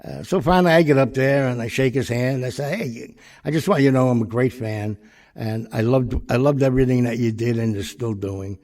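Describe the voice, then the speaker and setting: A man's voice: medium pitch, a little fast, a little mellow. An older man tells a rambling, profane anecdote, full of fillers and restarts. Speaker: storyteller. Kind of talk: casual anecdote.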